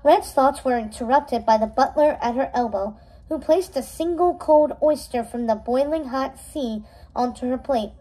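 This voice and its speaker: A woman reading a novel chapter aloud in a steady storytelling manner, with small slips and restarts. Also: high-pitched, normal speed, poor audio. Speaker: read-aloud narrator.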